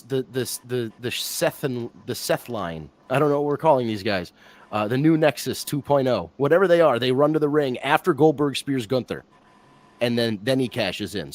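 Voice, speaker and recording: A man talks on a casual live stream with a rambling, animated delivery. He keeps circling back and restarting his sentences. His voice sits in an ordinary middle pitch. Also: no echo. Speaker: wrestling podcast co-host.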